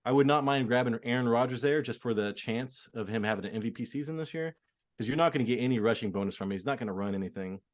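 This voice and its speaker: A man co-hosting a fantasy football podcast, talking casually and opinionatedly with lots of fillers. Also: medium pitch. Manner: filler-heavy, quick, opinionated. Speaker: podcast co-host. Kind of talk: casual sports chat.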